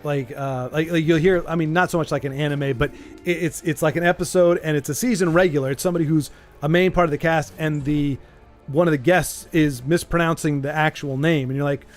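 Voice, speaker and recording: Casual streamer man, fairly high voice, rambling chat over quiet music. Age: adult with a young child. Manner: rambling, animated, does quick silly voices. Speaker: streamer hosting an interview.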